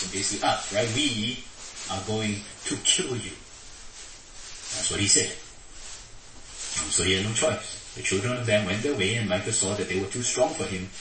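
Male preacher, animated sermon delivery, bright tone, recorded far off in a reverberant hall. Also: normal speed, slight background noise. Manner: animated, acts out quotes with raised pitch.

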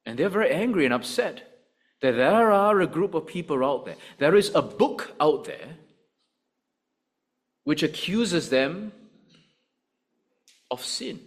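A man preaching a sermon, addressing his listeners directly with an animated delivery. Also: takes it slowly, long pauses, breathy edge. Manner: animated preaching, rising and dropping in pitch and volume.

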